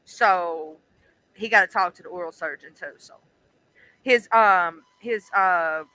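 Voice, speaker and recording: A woman's voice: on the low side, slow pace, bright, forceful tone, poor audio. A woman hosting a livestream, chatting casually and profanely with lots of fillers. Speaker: livestream host.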